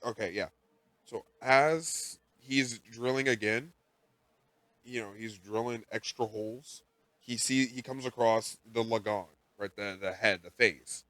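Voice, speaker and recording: A man with a bright, forceful voice co-hosts a casual podcast, recapping an episode in a rambling, animated way. The mic is close and dry, with no room sound. He jumps into character quotes now and then. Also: medium pitch, no room sound. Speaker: podcast co-host.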